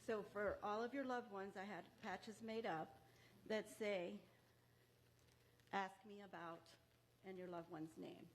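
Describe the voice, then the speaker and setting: A woman's voice: medium pitch, steady tone, a little slow, long pauses, a little hiss or hum. A woman speaking at a memorial ceremony in a museum, earnest and emotional, close to tears. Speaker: bereaved mother speaking as guest. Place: museum event room.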